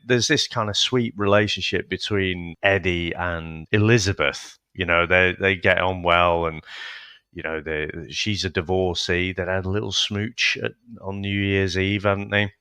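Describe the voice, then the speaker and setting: A man who is a parent co-hosting a casual film-review podcast, musing out loud with hesitant asides and laughs. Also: deep voice, steady tone, moderate pace, smooth, no room sound, clean studio sound. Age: adult, a parent. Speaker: podcast co-host.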